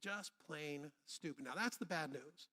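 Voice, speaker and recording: A man's voice: fairly high pitch, unhurried, pushed and bright, big-room sound. A man pastor preaching a sermon to a congregation, humorous and conversational, drawing the audience into call-and-response. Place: church sanctuary.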